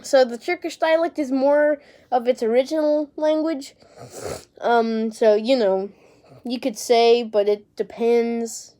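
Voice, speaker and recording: A woman's voice: fairly high pitch, steady tone, takes it slowly, mellow. A young woman talking casually to camera, rambling and unsure, with casual swearing and lots of fillers. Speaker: vlogger.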